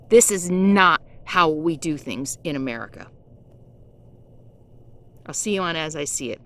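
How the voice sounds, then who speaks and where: A woman's voice: deep voice, lively intonation, unhurried, long pauses, a bit bright. A woman vlogger giving an impassioned, indignant rant about the news, openly emotional and angry. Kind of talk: ranting political vlog.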